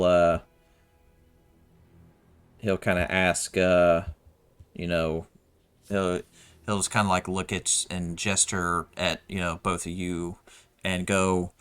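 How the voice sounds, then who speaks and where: A man's voice: low voice, flat delivery, slow, pauses often, fairly bright tone, clear, resonant tone, soft background music. A man narrating as game master of a tabletop game, loose and hesitant, full of fillers. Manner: loose and hesitant, full of "kinda" and "you know".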